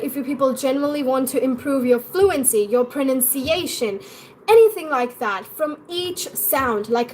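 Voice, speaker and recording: A young woman with an Indian English accent and a high, bright voice, chatting eagerly and repeating herself as she teaches accents on a live stream. A light hiss sits faintly under her voice.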